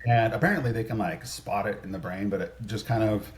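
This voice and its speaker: A man's voice: fairly low pitch, fairly quick. A man in his thirties, a podcast guest telling stories in a casual, rambling way, full of "like" and restarts. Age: 30s. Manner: rambling, heavy use of "like", frequent restarts. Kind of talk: casual storytelling chat.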